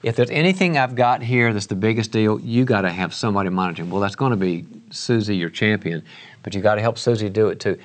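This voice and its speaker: A middle-aged man giving a leadership lecture at a university, lively and conversational, acting out bits of meeting dialogue and often restarting his sentences. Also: lowish voice, fast. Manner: animated, acts out meeting dialogue with frequent restarts. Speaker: guest lecturer.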